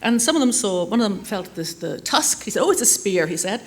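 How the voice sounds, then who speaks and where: Woman, middle-aged, brisk conference speaker, anecdotal and self-mocking. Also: mid-range voice, lively intonation. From Ireland. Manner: chatty, anecdotal, self-deprecating humor. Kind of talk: conference talk. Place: conference hall.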